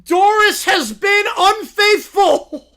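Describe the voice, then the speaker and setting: A man voicing a pompous male referee who loudly and slowly announces himself, read aloud from a story on a stream. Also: heavily acted. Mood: anguished. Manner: booming, slow, declaiming self-important shouts.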